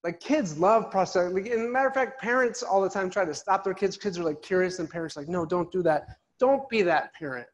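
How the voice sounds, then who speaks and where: A middle-aged man telling a funny, animated personal story to an audience at an office event. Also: sits high, quick pace, hardly any pauses, lo-fi sound. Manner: animated, jokey, acts out quotes. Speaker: motivational speaker.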